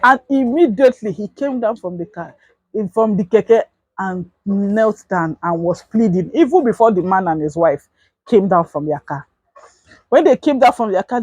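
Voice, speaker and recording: Young Nigerian woman vlogger, husky voice, close and dry, lively storyteller. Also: medium pitch, no echo, rough recording. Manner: animated, acts out quotes in raised voice. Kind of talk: casual storytime.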